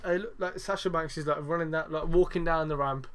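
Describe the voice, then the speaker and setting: A man's voice: on the high side, steady tone, a little fast, a bit bright, clean tone. A young man hosting a casual review podcast, ranting and swearing freely with lots of fillers. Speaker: podcast host.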